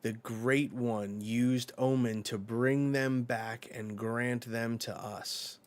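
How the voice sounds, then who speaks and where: A man reading as a slow, declaiming villain lord. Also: mid-range voice, fairly even intonation, close to an everyday voice.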